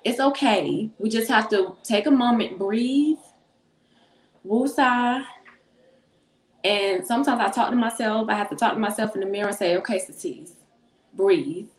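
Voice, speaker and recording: A woman's voice: medium pitch, quick pace, few pauses. Earnest woman, echoey room. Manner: earnest, repeats phrases for emphasis. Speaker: mother and book co-author on a panel. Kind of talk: encouraging panel talk. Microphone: phone.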